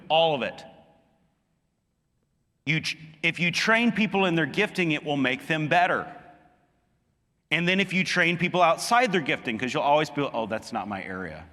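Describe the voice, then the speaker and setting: A man preaching a sermon as a pastor, earnest, climbing higher and louder when he drives a point home. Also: big-room sound. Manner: earnest preaching, rising emphatically on key points.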